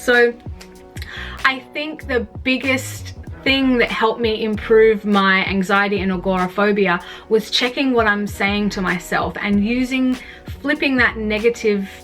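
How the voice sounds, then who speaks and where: A woman's voice: mid-range voice, a bit bright. Young woman, casual rambling vlogger, candid and frank, faint music under. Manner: casual, rambling, frequent "like", swears. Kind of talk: candid personal vlog about mental health.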